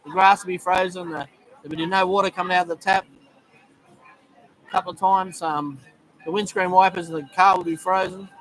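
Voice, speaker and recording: A man's voice: sits high, fairly even intonation, a little fast, long pauses, a bit bright. A middle-aged Australian man hosting a casual live stream, chatting loosely with many ums and greeting viewers by name. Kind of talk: casual live-stream chat reading comments. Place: busy bar in Thailand. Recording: noisy bar crowd behind. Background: bar crowd chatter.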